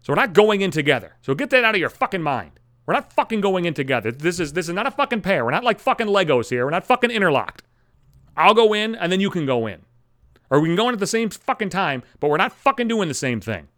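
A man's voice: high voice, sing-song, fast talker, a bit bright, no room sound, clean studio sound. A man in a profane, exasperated comedic monologue rant, swearing constantly. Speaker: comedic ranter.

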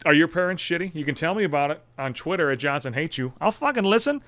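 A man's voice: fairly high pitch, animated, quick pace, fairly bright tone, no room sound. A young man hosting a solo podcast, ranting bitterly and sarcastically with heavy swearing. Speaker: podcast host.

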